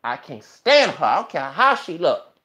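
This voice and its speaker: A man's voice: fairly high pitch, very animated, normal speed, sharp tone. A man ranting emotionally and profanely in his own vlog, delivering celebrity gossip commentary. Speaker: YouTuber.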